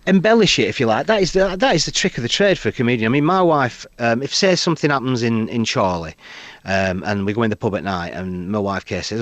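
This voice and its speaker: A man's voice: medium pitch, fairly quick, few pauses, no echo. A middle-aged man with a Northern English accent, a comedian telling anecdotes in a radio interview. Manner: animated, acts out quoted voices. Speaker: comedian guest. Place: radio studio.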